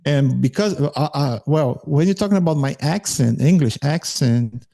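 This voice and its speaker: A man's voice: on the high side, animated, moderate pace, creaky, dark tone. A man from Brazil with a Brazilian Portuguese accent, a guest chatting casually and thoughtfully, often searching for words. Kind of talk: casual interview chat.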